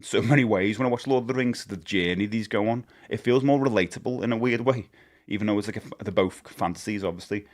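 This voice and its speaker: A man's voice: fairly low pitch, fast. Rambling, jokey man streaming. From United Kingdom. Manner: rambling, jokey, laughs often. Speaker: live-streamer. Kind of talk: casual live-stream chat.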